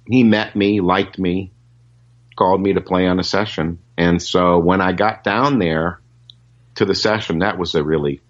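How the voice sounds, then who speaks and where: Deep-voiced man telling rambling stories. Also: fairly even intonation, normal speed, dull audio. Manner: rambling anecdotal, many fillers and restarts. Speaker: session guitarist guest. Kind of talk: casual storytelling interview.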